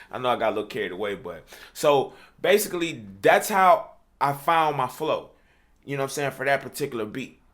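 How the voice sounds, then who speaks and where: A man's voice: mid-range voice, very animated, brisk, fairly bright tone. A man teaching how he writes rap verses, talking loosely with lots of "you know what I'm saying", breaking into rapped examples. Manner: loose and conversational, with frequent fillers and rapped demos. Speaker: rap coach. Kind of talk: casual tutorial talk.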